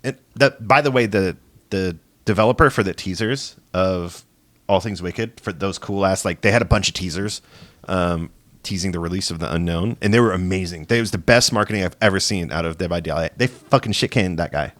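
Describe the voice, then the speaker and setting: A man co-hosting a casual gaming podcast, excitable and swearing a lot, laughing as he tells stories. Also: deep voice, fairly quick. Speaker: podcast co-host.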